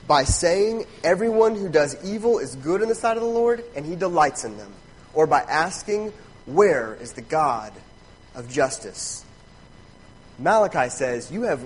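A man's voice: on the high side, slightly rough, poor audio. A man pastor preaching an expository sermon, emphatic, asking rhetorical questions and checking in with "right?".

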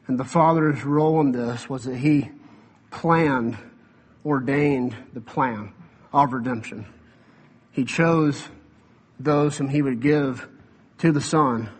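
A young adult man, a pastor, preaching a sermon in a conversational way with quick asides and some fillers. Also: mid-range voice, husky.

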